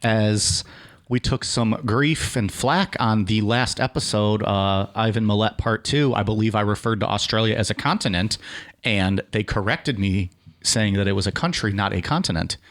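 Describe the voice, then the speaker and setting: Podcast guy, lowish voice, deadpan and rambly, just chatting. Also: moderate pace. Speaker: podcast host. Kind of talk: casual chat.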